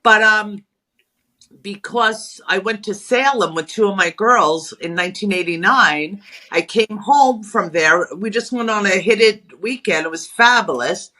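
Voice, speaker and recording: A middle-aged woman from Long Island, chatting as an interview guest. She talks in a brash, animated way and puts on voices for the people in her stories. Her voice is bright and sharp. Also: medium pitch, measured pace. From Long Island, New York. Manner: brash, animated storyteller, acts out quotes. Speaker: guest, spiritualist author. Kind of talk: casual interview chat.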